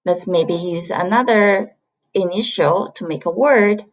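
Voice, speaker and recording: On a slightly dull lo-fi recording, a woman from China teaches beginners Chinese pronunciation, patiently repeating sounds to demonstrate the tones. She speaks a little slowly in a mid-range voice.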